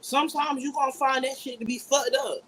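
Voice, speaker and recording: A woman's voice: high-pitched, fairly even intonation, brisk, a bit bright. Blunt cussing woman on a group talk show, emphatic, light noise behind her. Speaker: podcast co-host. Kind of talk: casual group discussion.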